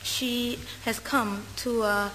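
A woman's voice: on the high side, fairly even intonation, slow pace, bright, forceful tone, a little hiss or hum. Hesitant woman interpreting a sermon. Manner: hesitant, many uh fillers and self-corrections. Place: church hall. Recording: reverberant hall, faint ambience.

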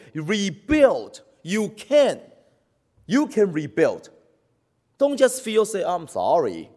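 A male pastor preaching a sermon with passion, repeating phrases for emphasis and dropping from loud calls to hushed lines. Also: fairly high pitch. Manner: impassioned preaching, swings between loud exhortation and hushed lines.

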